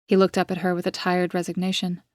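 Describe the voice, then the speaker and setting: A woman reads her own dark story aloud in a steady, measured way. Her voice sits a little low and stays quite flat in pitch. The recording is close and dry, with no room sound. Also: no echo. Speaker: author and narrator. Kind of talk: scripted audiobook narration.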